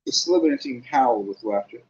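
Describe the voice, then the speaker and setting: A man narrating an audiobook, reading lively with casual asides. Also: mid-range voice, fairly quick, lo-fi sound.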